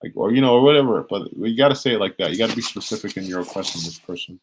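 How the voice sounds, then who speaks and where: A man's voice: fairly low pitch, lively intonation, rapid-fire, a little hiss or hum, poor audio. A man giving a live-streamed tarot reading in a casual, rambling way, restarting and repeating phrases as he talks. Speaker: tarot reader.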